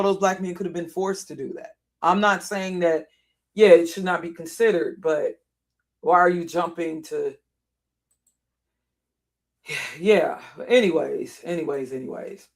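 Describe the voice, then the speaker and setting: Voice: medium pitch, moderate pace. A live streamer in casual, off-the-cuff commentary, talking through what's on the screen. The speech circles back on itself with repeated words and restarts. There is a rising exasperated edge throughout. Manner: thinks aloud, repeats and restarts phrases, grows agitated.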